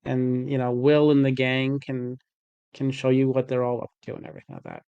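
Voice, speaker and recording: A man's voice: very animated, a little fast, vocal fry, mellow, clear, resonant tone, no room sound, lo-fi sound. A man playing a tabletop game, talking in character in a rambling, playful way like a company boss. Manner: rambling, playful pitch as a self-styled CEO. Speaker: player.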